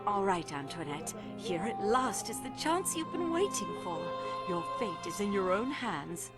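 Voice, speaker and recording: An actress playing an ambitious young woman clerk who talks in a brisk, earnest way. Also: medium pitch, big pitch swings. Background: game music.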